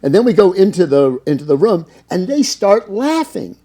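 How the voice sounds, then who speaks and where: A man's voice: sits high, very animated, normal speed, dark tone. A middle-aged American man, an interview guest who tells long anecdotes in a casual, rambling way, full of fillers and acted-out quotes. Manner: anecdotal, lots of fillers, acts out quoted dialogue. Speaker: interview guest, cannabis business owner.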